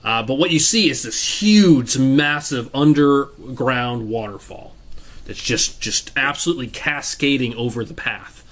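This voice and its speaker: Relaxed male game master. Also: medium pitch, unhurried. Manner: descriptive, relaxed, many fillers. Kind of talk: narrating a tabletop game.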